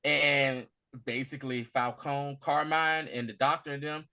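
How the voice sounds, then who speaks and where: A man on a TV recap podcast tells the story with lots of energy, acting out the characters' lines as he goes. His voice is bright and forceful. The delivery is casual and conversational. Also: medium pitch, fairly even intonation, unhurried. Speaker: podcast co-host.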